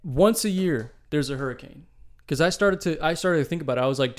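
A young man co-hosting a podcast in casual chat, loose and animated, throwing "dude" into most sentences. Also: on the high side, a little fast. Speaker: podcast co-host.

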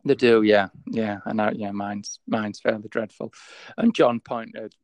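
A man's voice: lowish voice, steady tone, unhurried, darkish tone, no echo. Man with a Yorkshire accent, rambling podcast co-host, lots of ums, dry close recording. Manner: rambling, hesitant, many fillers. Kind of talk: casual podcast chat.

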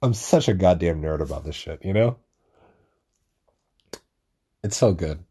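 A young man with a deep, warm, slightly rough voice sounds expressive and unhurried. He hosts a podcast on his own, rambling casually, cursing often and joking at his own expense.

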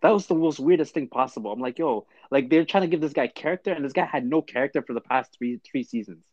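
A man co-hosting a podcast in casual chat, animated and full of "like" and "I'm like". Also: fairly high pitch, fast talker, dry recording, highs cut off. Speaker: podcast co-host.

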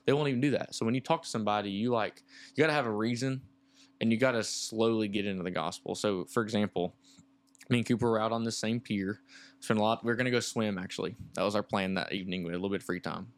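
A man's voice: fairly low pitch, fast. A man, a podcast guest telling earnest stories in casual talk. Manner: earnest, storytelling, lots of likes and restarts.

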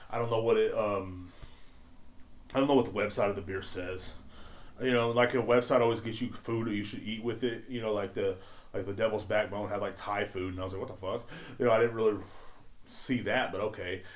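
A man's voice: on the low side, fairly even intonation, brisk. A man hosting a podcast in casual chat, rambling and laid-back, swearing often and leaning on fillers. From Texas. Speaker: podcast host.

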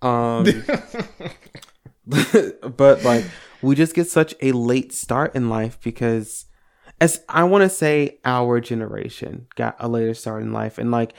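A young man co-hosting a podcast, telling personal stories in an animated, casual way with some swearing. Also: medium pitch, takes it slowly, vocal fry, smooth. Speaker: podcast co-host. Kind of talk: casual chat.

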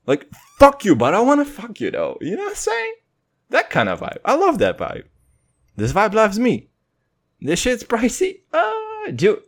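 A young man hosting his podcast in a rambling, profane monologue, swinging between loud and quiet. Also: sits high, huge pitch swings, measured pace. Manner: rambling, swearing, jumps between loud and quiet, mock voices and singing. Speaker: podcast host.

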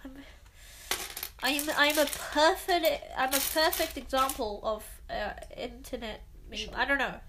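A woman's voice: high-pitched, steady tone, measured pace, background noise. A woman rambling in casual chat with lots of "like" fillers while building a set with a friend.

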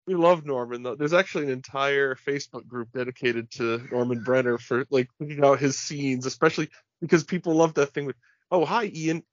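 A man's voice: mid-range voice, brisk, no echo. Dry-voiced podcast host man. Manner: fan-like, detail-laden questions. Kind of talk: casual interview chat. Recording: dry, muffled lo-fi audio.

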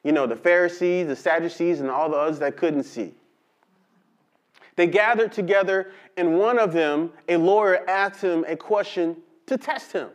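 A man preaching a sermon, reading scripture slowly and telling lively stories with call-and-response. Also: on the high side. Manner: animated storytelling with call-and-response to the congregation; slow, drawn-out emphasis on scripture. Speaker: pastor.

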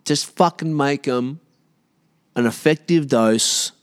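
A man's voice: mid-range voice, slow pace. An Australian man in his late thirties, a podcast host, ranting alone in a rambling, profane, sarcastic way. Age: 30s. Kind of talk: solo rant.

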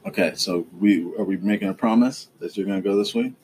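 A man's voice: on the low side, fast talker, darkish tone. Dad hosting a home podcast, teasing, lecturing his kid, faint hiss behind. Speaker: podcast host and father. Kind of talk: casual family chat.

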